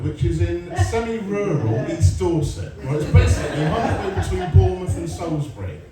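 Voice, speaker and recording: A man's voice: sits high, lively intonation, moderate pace, hardly any pauses, far from the mic, loud music behind the voice. Sarcastic sweary man doing stand-up. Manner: sarcastic, sweary, storytelling with crowd work. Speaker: stand-up comedian. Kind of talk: stand-up comedy set. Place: comedy club stage. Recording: roomy live venue, mic heard from afar, crowd. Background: audience laughter.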